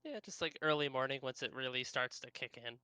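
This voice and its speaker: A player in a tabletop game on a live stream, hesitant and playful, filling pauses with ums and likes. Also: mid-range voice, pushed and bright, clean tone, no echo. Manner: hesitant, lots of fillers, playful. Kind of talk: casual chat at a tabletop game.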